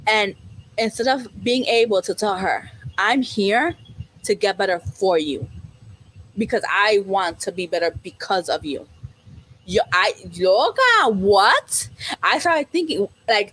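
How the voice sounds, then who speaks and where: A woman with a Puerto Rican accent, co-hosting a casual podcast chat, animated and profane, dropping Spanish words into her English. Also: mid-range voice, unhurried, low-quality recording. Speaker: podcast co-host.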